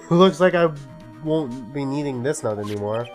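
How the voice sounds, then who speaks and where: Cursing, animated male game streamer. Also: mid-range voice, a little slow, faint music behind. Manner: profane, exasperated, animated. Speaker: let's-play streamer. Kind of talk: casual gameplay commentary.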